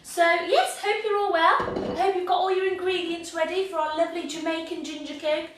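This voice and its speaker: Brief: cheerful English woman, high voice, baking livestream host, far from laptop mic, faint room noise. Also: steady tone, brisk, very echoey. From England. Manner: bubbly, chatty, self-mocking. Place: home kitchen. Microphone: laptop mic from across the room.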